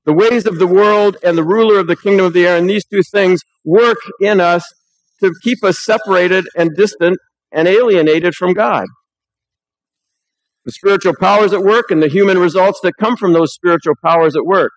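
A man's voice: sits high, moderate pace, low-quality recording. Conversational man preaching a sermon. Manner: conversational, reads scripture aloud. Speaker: pastor. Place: church.

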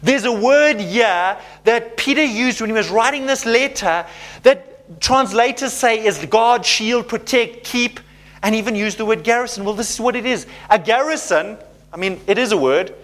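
A man preaching a sermon, animated and conversational, often checking in with his listeners. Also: sits high, normal speed. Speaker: pastor.

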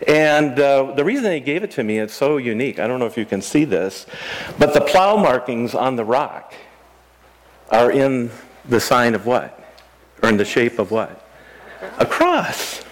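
In a church sanctuary, a middle-aged pastor delivers a sermon in a relaxed, conversational style, putting questions to the congregation. His intonation is lively, rising and falling often, and he speaks at a normal speed.

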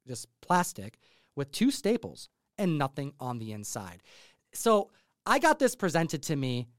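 A man's voice: fairly high pitch, no echo, clean studio sound. A man hosting a comic book podcast in casual chat, telling stories and acting out what others said. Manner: animated storytelling, acts out quotes. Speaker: podcast host.

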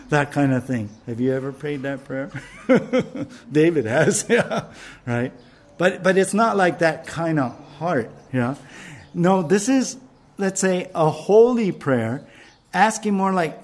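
A man preaching with fervent emphasis and a somewhat high voice. He stumbles and restarts phrases as he drives each point home, moving between quick asides and slow, weighty lines. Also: animated. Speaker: pastor. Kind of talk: sermon.

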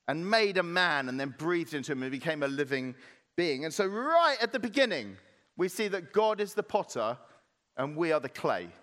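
A man preaching a sermon as pastor, animated, acting out playful voices in his retelling. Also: high voice, in a large hall. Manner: animated, acts out voices of clay and potter.

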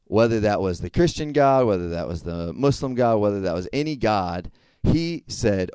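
A man's voice: lowish voice, animated, moderate pace, few pauses, darkish tone, smooth, no echo. A young man giving a casual sermon to a group, talking conversationally and checking in with frequent questions. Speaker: youth speaker.

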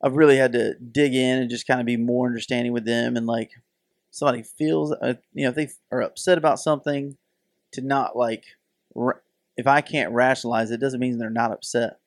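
This middle-aged man, a podcast co-host, speaks briskly in a mid-range voice, recorded at studio quality without echo. His casual chat is full of animated storytelling in which he acts out the voices.

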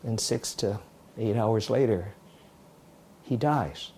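Male preacher, warm and mellow, dramatic storyteller in a sermon. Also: on the low side, slow pace, a little hiss or hum. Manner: storytelling, dramatic retelling with many restarts. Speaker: pastor.

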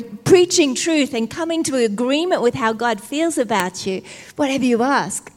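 A woman's voice: high voice, moderate pace, a little mellow. A woman preacher giving a sermon in an emotional, fervent but conversational way. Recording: long hall reverb.

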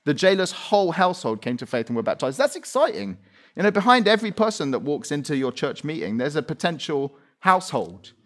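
Animated preacher man, higher voice. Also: fairly quick. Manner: animated storytelling, acts out quotes. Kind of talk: sermon. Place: church meeting room.

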